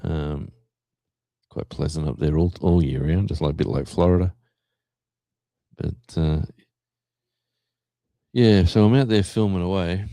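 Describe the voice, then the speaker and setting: A man's voice: deep voice, a little slow, creaky, long pauses, mellow, dry recording. An Australian man hosting a livestream, chatting casually and rambling, with many fillers and restarts while he reads the chat. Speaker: livestream host. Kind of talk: casual chat reading a live chat.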